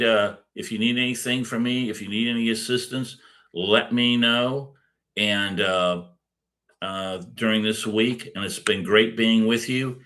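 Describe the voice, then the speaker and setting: A man's voice: on the low side, pushed and bright. A middle-aged man giving a casual recorded lecture as a course instructor, rambling with many fillers and restarts.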